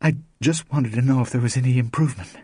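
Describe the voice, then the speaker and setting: A man voicing an anxious, polite young woman in an audiobook reading, earnest and halting. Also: medium pitch, darkish tone, slightly rough, no room sound, studio quality, voice pushed up, lightly acted.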